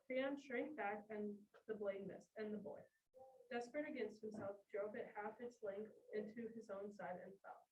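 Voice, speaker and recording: A woman reading the part of a messenger who tells a queen grim news, in a classroom play reading, with a plain, steady read-aloud delivery. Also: medium pitch, moderate pace, dull audio, natural voice. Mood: grave. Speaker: student reader. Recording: echoey room, far from mic.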